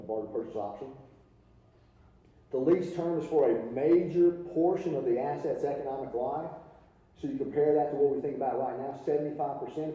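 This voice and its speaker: A man's voice: a little high, mellow. Folksy man lecturing from afar in a hall. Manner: conversational, folksy, asks rhetorical questions. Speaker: accounting seminar presenter. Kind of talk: continuing education lecture. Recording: roomy hall from far off, dull.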